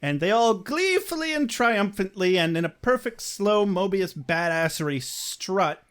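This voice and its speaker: Playful male co-host, slightly high. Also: measured pace, clear, resonant tone. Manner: playful, laughing, animated retelling. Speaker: podcast co-host. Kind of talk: casual chat, episode review.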